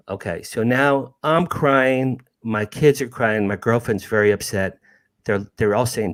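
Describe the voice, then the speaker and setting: A man's voice: fairly low pitch, normal speed. A man in his sixties telling a personal ghost story with emphasis, repeating key phrases and calling his listeners "you guys.". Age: 60s. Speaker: guest storyteller, network host.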